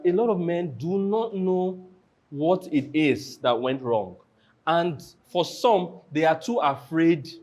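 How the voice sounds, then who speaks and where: Lively man acting out quotes. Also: fairly high pitch. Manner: animated, acts out quoted lines. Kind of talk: panel discussion.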